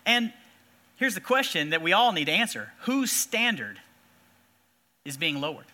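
Animated, high-voiced man preaching. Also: unhurried. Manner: animated, acts out shouting figures in his stories. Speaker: pastor. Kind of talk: sermon with storytelling.

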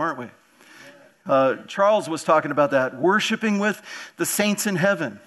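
A man's voice: high-pitched, fairly bright tone. A man preaching a sermon in a church, earnest and direct, often repeating words and asking the congregation questions. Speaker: pastor.

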